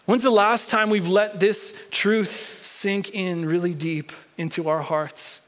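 High-voiced guy preaching, chatty sermon, lots of repeats and restarts, gets the room to read along. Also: fairly even intonation, takes it slowly, a bit bright. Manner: conversational, repeats key lines, stumbles on restarts; leads the congregation in reading and call-and-response. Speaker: pastor.

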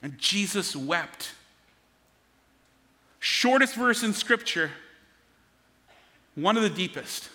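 Male pastor, high voice, bright and forceful tone, earnest conversational sermon, long church reverb. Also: animated, slow, pauses often. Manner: earnest, conversational preaching with frequent word repeats. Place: church sanctuary.

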